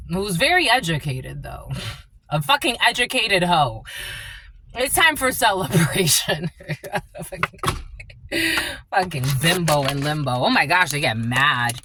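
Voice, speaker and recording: A woman's voice: lowish voice, lively intonation, slow, bright, forceful tone, no room sound. A woman giving a tarot reading as a channeler, blunt and profane, laughing often.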